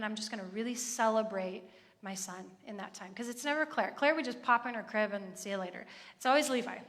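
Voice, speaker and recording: Bright-voiced woman preaching in an echoey hall. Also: a little high. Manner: chatty, earnest, with asides. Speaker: church speaker. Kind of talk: conversational sermon.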